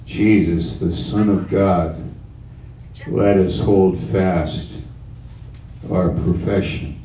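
Slow, low-voiced preacher in a roomy hall. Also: male voice, fairly even intonation, warm tone, recorded from a distance, a little hiss or hum. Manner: slow, emphatic, with repeated phrases. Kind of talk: sermon. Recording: roomy sound from off-mic.

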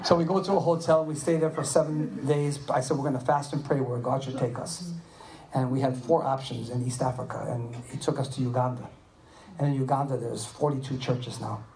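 Animated man in his seventies preaching. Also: medium pitch, brisk, gravelly. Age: 70s. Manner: animated storytelling, asks "Are you with me?". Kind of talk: sermon with personal stories. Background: audience responding.

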